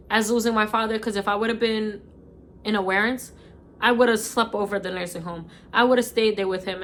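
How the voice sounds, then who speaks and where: A woman's voice: mid-range voice, fairly bright tone. A woman in her twenties with a New York accent, crying as she talks openly and repeats herself in a casual vlog. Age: 20s. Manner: emotional, repetitive, heartfelt. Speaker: vlogger. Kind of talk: casual chat.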